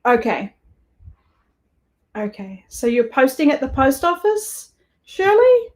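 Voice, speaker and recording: A woman's voice: a little high, lively intonation, takes it slowly. A woman with a New Zealand accent hosting a craft livestream, chatting casually with viewers and laughing easily. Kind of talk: casual live chat while crafting.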